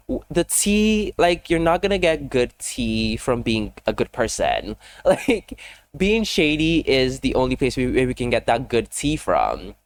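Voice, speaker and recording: A man talking casually over a game build video, rambling fast with lots of fillers and self-deprecating asides. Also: medium pitch, no echo. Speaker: gaming YouTuber.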